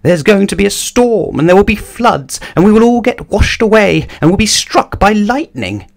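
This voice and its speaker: A man's voice: sits high, big pitch swings, moderate pace, gravelly, pitched above the performer's own voice, exaggerated voice. A man voicing a panicky, fretful little man who shrieks his worries out in a rush. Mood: panicked.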